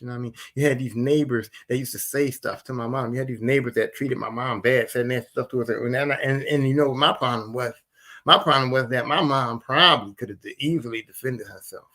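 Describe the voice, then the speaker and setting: Philly guy on a podcast, middle aged, bright voice, storytelling and repeating himself for emphasis. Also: mid-range voice, quick pace. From Philadelphia. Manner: animated, repetitive, emphatic retelling. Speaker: podcast host. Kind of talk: casual storytelling.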